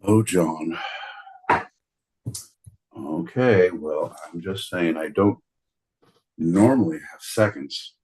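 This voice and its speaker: Husky, low-voiced joking podcast man. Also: takes it slowly, pauses often, a little mellow. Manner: playful, riffs on wordplay, swears. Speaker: podcast co-host. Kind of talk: casual joking chat.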